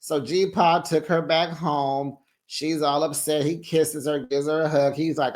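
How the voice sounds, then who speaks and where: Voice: medium pitch, little pitch movement, measured pace, few pauses, darkish tone. Sassy, chatty reality TV recap host. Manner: sassy, chatty storytelling with slang asides; acts out quoted people in changed voices. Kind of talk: casual recap commentary to viewers.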